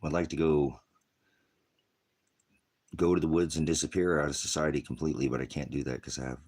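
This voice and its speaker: Older guy preaching off the cuff, super deep husky voice, ranty and all over the place. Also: level tone, a little fast, a little mellow. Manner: combative, ranting, jumps between topics. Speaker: pastor. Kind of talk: rambling livestream preaching.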